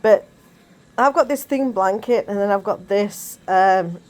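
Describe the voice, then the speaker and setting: A woman's voice: medium pitch, measured pace, darkish tone, low-quality recording. Chatty woman rambling at home. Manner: chatty, rambling, frequent asides. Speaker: vlogger. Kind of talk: casual rambling chat. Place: bedroom at home.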